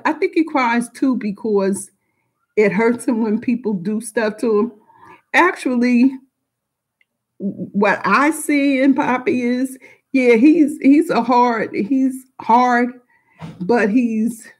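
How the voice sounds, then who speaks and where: A woman's voice: fairly high pitch, takes it slowly. A middle-aged woman telling a personal story to a group, frank and emotional, rambling with many restarts and asides.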